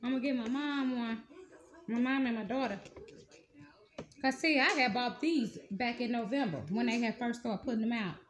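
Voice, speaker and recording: A woman's voice: on the high side, normal speed, slight background noise. A woman, gushing through a casual perfume haul review with folksy slang. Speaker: beauty vlogger.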